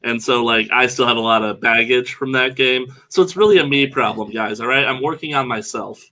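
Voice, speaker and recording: A man's voice: medium pitch, brisk, pushed and bright. A man guesting on a sports podcast, laid-back and self-deprecating. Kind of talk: casual podcast chat.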